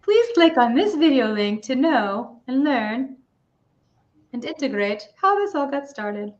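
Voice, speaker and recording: A middle-aged woman hosting a livestream, leading a guided meditation and giving tarot readings in a gentle, casual, rambling way over a video call. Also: high voice, sing-song, measured pace. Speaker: spiritual reader and stream host. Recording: dull lo-fi stream audio.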